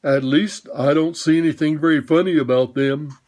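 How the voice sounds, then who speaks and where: A man's voice: fairly high pitch, steady tone, normal speed, darkish tone, close to an everyday voice. A man voicing a lazy male panther who speaks in a bored, dismissive way.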